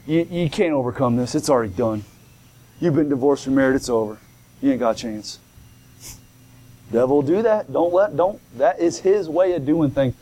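Preaching a sermon in a warm, medium-pitched voice, this man reads archaic scripture and then unpacks it in everyday, colloquial language. He repeats himself, restarts, and calls out "come on now" and "glory" along the way.

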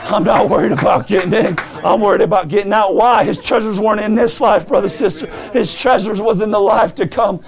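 Fervent high-voiced male preacher. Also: a little fast, creaky. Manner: fervent, builds to shouting; stammering restarts. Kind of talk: sermon.

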